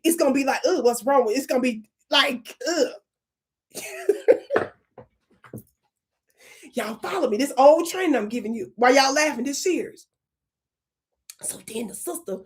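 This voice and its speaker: A woman hosts her channel with comedic livestream coaching, her voice fairly high. She's animated and playful, swinging into sudden whispers and drawing out her words.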